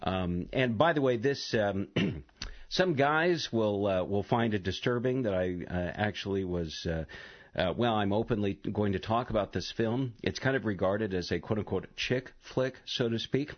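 Husky male radio host, lively delivery. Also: on the low side. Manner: chatty, halting with many fillers. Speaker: radio talk show host. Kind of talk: live call-in radio talk. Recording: dull lo-fi radio broadcast.

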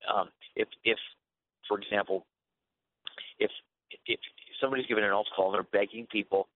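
Brief: male radio guest, somewhat low voice, earnest preaching tone, narrow phone-like sound. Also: steady tone, a little fast. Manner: earnest, preachy, repeats words as he restarts. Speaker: guest author on Christian faith. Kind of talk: radio talk show interview.

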